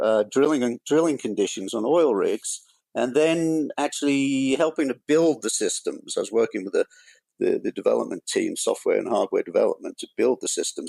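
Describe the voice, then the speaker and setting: Gravelly older Englishman. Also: medium pitch, lively intonation, normal speed, a little mellow, no echo, rough recording. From England. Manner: dry, self-deprecating humor. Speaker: guest author. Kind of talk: podcast interview.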